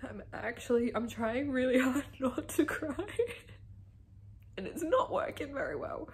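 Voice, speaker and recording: A woman's voice: high-pitched, unhurried. A young woman from Australia, chatting casually and emotionally about a book and reading passages aloud, swearing freely. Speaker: book vlogger. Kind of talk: casual reading reaction vlog.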